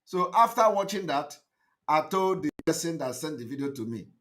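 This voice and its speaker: Guy ranting on his channel, high bright voice, jumps loud then low. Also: lively intonation, moderate pace. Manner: emphatic, repetitive, swings between loud outbursts and low asides. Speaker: online show host. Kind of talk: impassioned commentary monologue.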